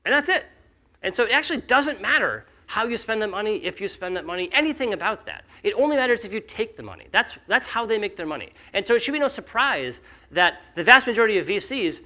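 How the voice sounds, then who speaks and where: A man speaking casually at a conference, animated and full of fillers, acting out the skeptics he quotes. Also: sits high, fast. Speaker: company founder speaking at a conference.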